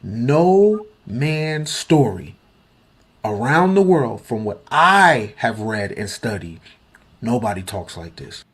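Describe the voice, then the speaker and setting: A man with a husky voice speaks very slowly in a deliberate, lecturing way. His pitch swings widely, giving his measured points a lively rise and fall. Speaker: speaker in a played clip. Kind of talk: measured monologue.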